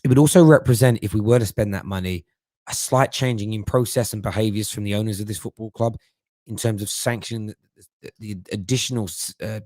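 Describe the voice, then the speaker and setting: A middle-aged man hosts a live stream in a casual, chatty way, often tripping over and repeating words mid-thought. His voice sits fairly low, and the recording is dry and close with little room sound. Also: a little mellow, dry recording. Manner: chatty, stumbles and repeats words while thinking. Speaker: host of a football fan live stream. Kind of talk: casual live-stream chat reading viewer comments.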